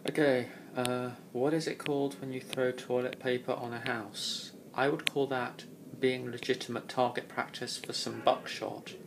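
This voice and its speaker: A man's voice: mid-range voice, little pitch movement, normal speed, vocal fry, few pauses, noisy background. A young man from London with an English accent, chatting casually on a vlog and reading out a word list, blunt and sweary with dry humour. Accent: English, London area. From Kingston upon Thames, London. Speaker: vlogger.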